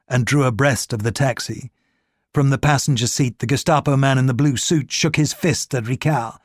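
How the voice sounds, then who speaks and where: A man's voice: medium pitch, no room sound. Man narrating a thriller audiobook, dry. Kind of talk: scripted narration.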